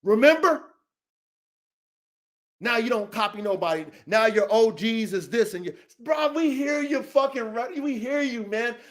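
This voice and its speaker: A man with a high voice for his sex, hosting a dog-training podcast. He rants in a heated, confrontational way, swearing freely and repeating himself for emphasis. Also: expressive, unhurried. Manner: profane, repetitive, confrontational. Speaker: dog trainer and show host.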